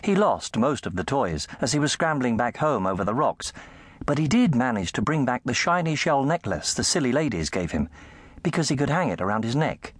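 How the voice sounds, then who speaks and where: A man narrating a children's fantasy audiobook in an animated storytelling manner. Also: fairly quick, husky, no room sound. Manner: animated storytelling, shifting pitch for effect. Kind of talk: scripted narration. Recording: dry close studio sound.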